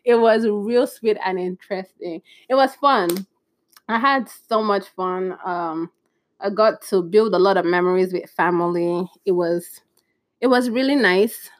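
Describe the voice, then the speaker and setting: A woman's voice: medium pitch, unhurried, no room sound. Young podcast host from Nigeria, a woman, chatty storyteller who acts out voices, recorded dry and close. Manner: animated, acts out quoted voices. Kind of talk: casual storytelling.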